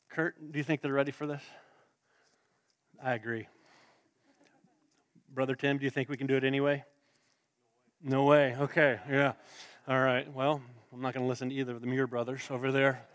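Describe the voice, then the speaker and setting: A man's voice: fairly high pitch, no echo. A man preaching a sermon, joking with the congregation and asking it questions. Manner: playful, interactive, joking with the congregation. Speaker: pastor. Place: church sanctuary.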